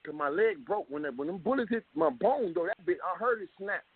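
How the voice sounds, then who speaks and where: A man guest telling his story in an animated way, full of street slang and swearing, heard on a tinny phone line. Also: high-pitched, brisk, gravelly, slightly rough, no room sound. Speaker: rapper guest. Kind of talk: phone interview.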